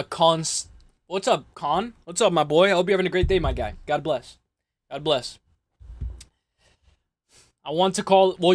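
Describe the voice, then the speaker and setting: A young man hosts a casual livestream in a fairly high voice on a dry recording. He talks loosely, swears a lot, and throws exasperated, mocking asides to his chat.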